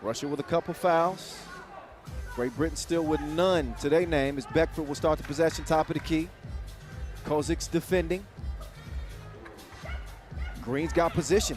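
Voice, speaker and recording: A man calling a basketball game live, quick and jokey, with excited bursts on big plays. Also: a little high. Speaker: play-by-play commentator. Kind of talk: live sports commentary. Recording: commentary over loud arena music and crowd.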